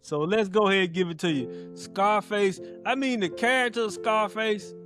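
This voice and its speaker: High-voiced man retelling movie scenes. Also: moderate pace. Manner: animated retelling of scenes, repeats himself. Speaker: podcast co-host. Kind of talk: casual chat ranking movies. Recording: faint guitar music behind.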